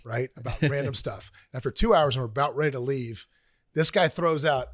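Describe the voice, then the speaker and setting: A man's voice: mid-range voice, a little fast, a bit bright, no room sound, clean studio sound. A man hosting a podcast interview who tells a story with animation and acts out the quotes. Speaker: podcast host. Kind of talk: casual interview.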